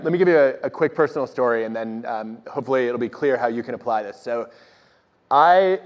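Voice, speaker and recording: A man, an organizational psychologist, telling stories on stage in an animated, self-deprecating way. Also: medium pitch. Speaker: organizational psychologist guest speaker. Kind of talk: conversational talk on stage. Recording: dull audio with long hall reverb.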